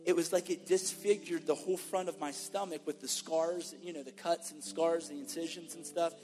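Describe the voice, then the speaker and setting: A man voicing an excited woman who has been healed in church, breathless and gushing. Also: fairly high pitch, moderate pace, soft background music, close to an everyday voice. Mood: explaining. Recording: long reverb of a church hall.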